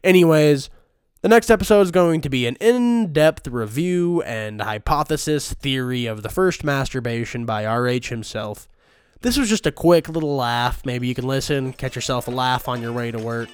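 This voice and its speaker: A man's voice: mid-range voice, expressive, moderate pace, smooth, no echo, studio quality. A man hosting a satirical comedy podcast, ranting crudely with constant profanity while he sounds sick. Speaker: podcast host.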